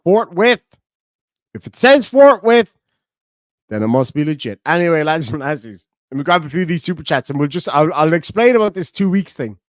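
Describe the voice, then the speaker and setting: Animated high-voiced Irish man. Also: normal speed, dry recording, clean studio sound. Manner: swearing, bantering, laughing often. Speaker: livestreamer reading donations. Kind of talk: casual livestream chat.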